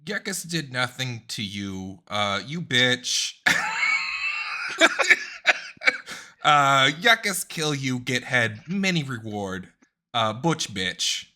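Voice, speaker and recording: A man's voice: medium pitch, very animated, takes it slowly, sharp tone, heavily acted. A man playing a blunt adventurer who speaks of himself in broken, clipped phrases during a tabletop game. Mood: defiant.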